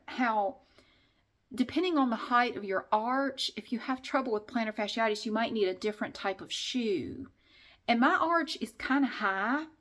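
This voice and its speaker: A woman's voice: a little high, a bit bright. A middle-aged woman vlogging in a casual, rambling way, frank and chatty, often restarting her sentences and swearing mildly. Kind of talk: casual vlog chat.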